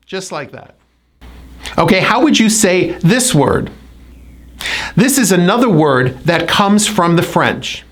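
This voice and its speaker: A woman's voice: fairly low pitch, very animated. A woman with an American accent teaching pronunciation, drawing out each sound and repeating words carefully. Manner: slow, exaggerated enunciation with drilled repetitions. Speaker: pronunciation coach. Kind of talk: pronunciation lesson.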